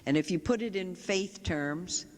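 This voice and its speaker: A Catholic sister giving a public talk, telling a story vividly and often quoting people directly. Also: female voice, lowish voice, a little slow, a little mellow. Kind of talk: storytelling lecture. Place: large chapel. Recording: long reverb of a large chapel.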